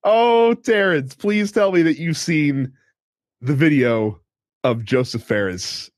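A man's voice: fairly high pitch, slow pace, no echo, clean studio sound. A man hosting a podcast in casual chat, acting out quotes and swearing freely. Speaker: podcast host.

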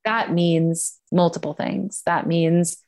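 A woman's voice: on the low side, slow pace, vocal fry. A young woman in casual chat, telling a personal story and acting out the lines of others. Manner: animated storyteller, acts out quotes.

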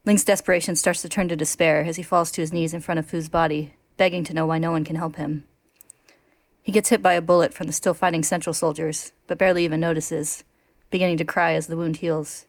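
A woman's voice: deep voice, flat delivery, brisk, no echo. A woman co-hosting a podcast, chatting and laughing, then reading aloud a story summary. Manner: laughs often, reads steadily. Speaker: podcast co-host reading a recap. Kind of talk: casual chat and read-aloud story summary.

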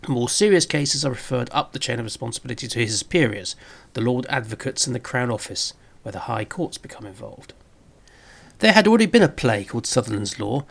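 Gravelly man narrating with wry asides. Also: mid-range voice, sing-song, a little fast, fairly bright tone. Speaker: presenter of a retro TV review. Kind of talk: scripted narration.

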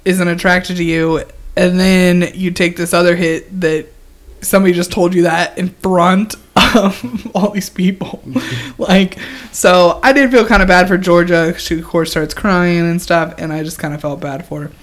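A woman's voice: lowish voice, steady tone, moderate pace. A woman co-hosting a podcast, chatting casually and rambling with lots of ums as she recaps a reality show. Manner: rambling, many ums, laughs often. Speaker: podcast co-host.

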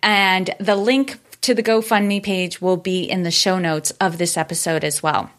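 A woman's voice: on the low side, fairly even intonation, moderate pace, a bit bright. A woman hosting her own podcast, talking upbeat and grateful as she thanks listeners and reads their reviews aloud. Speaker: podcast host. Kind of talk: solo podcast monologue.

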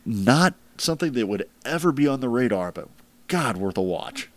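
A man's voice: medium pitch, sing-song, moderate pace, a crowd in the background. A man hosting a casual podcast chat, rambling with lots of fillers. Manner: rambling, filler-heavy, laughs at crude jokes. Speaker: podcast host ranking wrestling matches.

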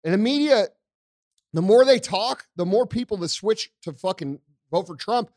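A man's voice: high voice, lively intonation, normal speed, darkish tone, no echo, studio quality. An American man ranting angrily on a podcast, swearing constantly. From United States. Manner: angry, profane ranting. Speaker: podcast co-host.

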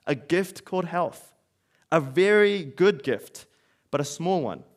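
A man delivers a sermon in a relaxed, conversational way. His voice sits a little higher than most men's. He slips into quoted voices to make his points. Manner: conversational preaching with acted-out quotes. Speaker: preacher.

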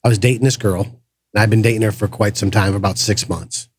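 A man hosting a podcast, telling a personal story in a casual, animated way and acting out the voices of the people in it. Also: lowish voice, a little fast, slightly rough. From grew up in the projects. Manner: animated storyteller, acts out quoted voices, frequent restarts. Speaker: podcast host.

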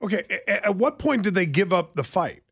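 A man's voice: high-pitched, very animated, fairly quick, gravelly, fairly bright tone, husky. Quizzical man cutting in with questions. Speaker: radio show co-host. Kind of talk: casual chat.

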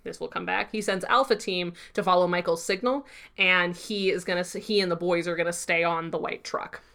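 A woman co-hosting a podcast, casually retelling a TV episode in a lively, chatty way with plenty of fillers. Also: on the low side, fairly quick, vocal fry. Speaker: podcast co-host. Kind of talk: casual episode recap chat.

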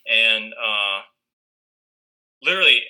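A man's voice: lowish voice, animated, slow pace, bright, forceful tone, rough recording. A young man casually telling a rambling story, full of fillers and restarts, acting out what others said. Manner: rambling, many fillers and restarts, acts out quoted lines.

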